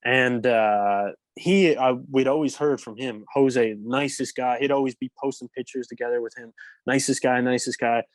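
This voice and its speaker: A young man from England tells a loose, rambling story as a podcast guest, leaning on fillers. His voice sits at an ordinary middle pitch. The recording is dry and close. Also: fairly even intonation, moderate pace, dry recording. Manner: rambling, lots of "like" fillers, laughs mid-story. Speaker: guest, former pro hockey player. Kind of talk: casual storytelling.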